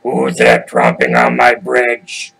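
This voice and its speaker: A man voicing a hungry male bridge troll who shouts in a slow, menacing way. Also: medium pitch, sing-song, gravelly, slightly rough, heavily acted.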